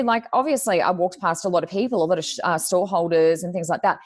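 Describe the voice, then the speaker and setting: On a dry recording with clean studio sound, a woman's low-leaning voice moves quickly. As a guest in an easygoing chat, this Reiki healer and reader narrates stories in a talkative way and acts out people's words.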